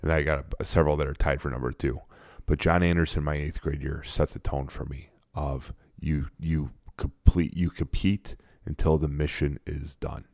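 A man's voice: extremely low pitch, fairly even intonation, moderate pace, vocal fry, a little mellow, no echo, studio quality. A man in his forties, a guest in a casual interview, talking in a blunt and emphatic way. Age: 40s. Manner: blunt and emphatic, self-described sarcastic.

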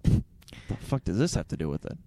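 A man's voice: low voice, very animated, fairly quick, vocal fry, dark tone, no room sound, studio quality. A man co-hosting a casual chat, reacting to a friend's story with wry, teasing comments. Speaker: podcast co-host.

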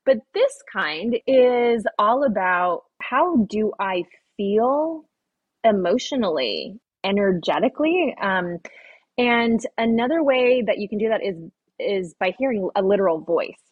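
A woman's voice: medium pitch, lively intonation, measured pace, slightly rough, dry recording, muffled recording. A woman on a podcast as a guest, earnestly explaining ideas and acting out inner voices in a casual conversational way. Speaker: podcast guest, intuition teacher.

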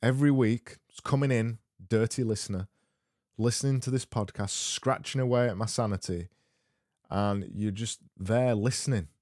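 A man rambles through his solo comedy podcast in a deadpan voice, looping back and restarting his phrases as he goes. His voice sits fairly low and has a warm, dark tone. It is recorded close and dry, with no room sound. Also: normal speed, dry recording. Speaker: podcast host.

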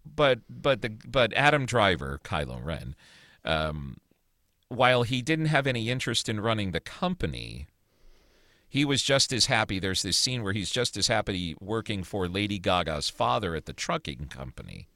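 A man's voice: lowish voice, sing-song, moderate pace, bright, forceful tone, dry recording, clean studio sound. A man co-hosting a podcast, chatting casually and reviewing movies with opinionated, rambling talk. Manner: opinionated, rambling with restarts and swearing. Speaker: podcast co-host.

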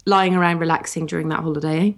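A woman in her thirties with a slightly low voice, co-hosting a podcast in casual, animated chat. She talks easily, laughs often and lets her voice jump up when she gets excited. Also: quick pace. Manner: chatty, giggly, animated. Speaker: podcast co-host.

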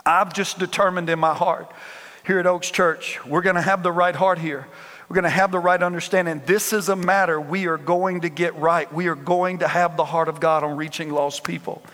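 Emphatic man preacher with a high, bright voice; a church hall rings behind him. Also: steady tone, moderate pace. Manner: emphatic, repetitive call-and-response preaching. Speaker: pastor. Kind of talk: preaching a sermon. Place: church sanctuary. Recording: long hall reverb.

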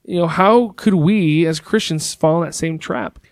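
A man moderating a church leaders' discussion, asking questions in a measured, polite way. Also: on the high side, no room sound, clean studio sound.

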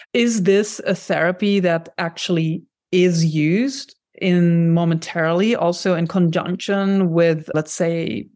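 A woman hosting an interview, summarizing thoughtfully and asking measured questions. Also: lowish voice, a little mellow. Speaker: podcast host.

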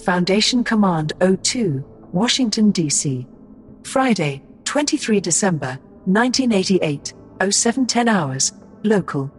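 A man putting on a crisp, clipped announcer voice for place and time stamps. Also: high-pitched, big pitch swings, unhurried, soft background music, voice pushed up.

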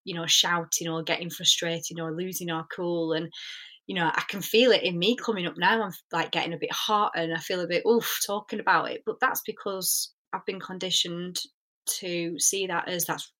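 A woman's voice: on the low side, steady tone, normal speed, sharp tone. A young woman, a spiritual coach, talking earnestly and reflectively in a podcast interview, with many fillers.

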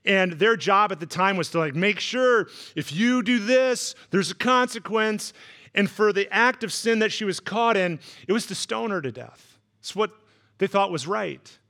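A man preaching a sermon as a guest pastor, telling stories in an animated way and acting out voices. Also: high-pitched, normal speed. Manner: animated storytelling with acted-out voices. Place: church sanctuary.

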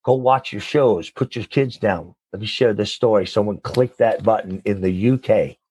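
A man being interviewed as a guest, a nonprofit leader and coach, talking with animated, preacher-like enthusiasm and call-and-response. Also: lowish voice, normal speed, slightly rough, no echo.

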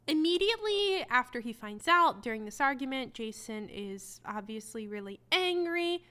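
A woman hosting a book review show, talking casually with heavy sarcasm and animated asides. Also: high-pitched, moderate pace, few pauses. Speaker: book review podcast host.

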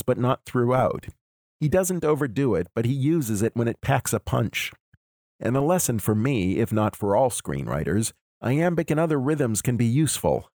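A man hosting a podcast, giving a measured, analytical lecture. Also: medium pitch, darkish tone, dry recording, studio quality. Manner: measured, explanatory. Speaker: podcast host.

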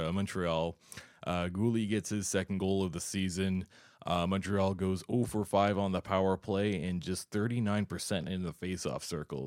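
A man hosting a sports podcast, chatting casually and warmly with many fillers. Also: deep voice, no room sound, studio quality. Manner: friendly, chatty, with frequent uh fillers. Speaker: podcast host.

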